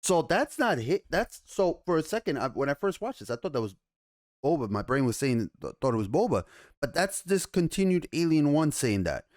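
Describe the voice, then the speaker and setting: Excitable man swearing through a trailer reaction. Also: a little high, moderate pace, dry recording, studio quality. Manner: excitable, chatty, swears freely. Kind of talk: casual reaction commentary.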